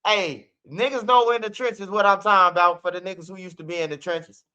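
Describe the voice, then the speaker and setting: A man spins a profane street story in his own channel's casual style, acting out the lines of everyone involved. His voice sits high and sounds sharp and forceful. The recording is muffled and lo-fi. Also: a little fast, smooth. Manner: animated, profane street storytelling with acted-out quotes. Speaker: channel host. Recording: dull lo-fi recording.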